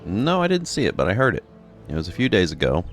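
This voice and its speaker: A man's voice: deep voice, huge pitch swings, fast, faint music behind. A man reading out a game's dialogue while voicing a chatty, dramatic townswoman who witnessed a crime. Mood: storytelling. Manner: chatty, dramatic, pious exclamations. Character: gossipy upset townswoman, a witness. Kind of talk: reading game dialogue aloud.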